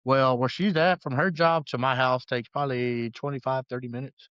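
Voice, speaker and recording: A man's voice: medium pitch, steady tone, normal speed, smooth, no echo, highs cut off. A man as a podcast guest, earnestly telling a personal story in a rambling way full of restarts.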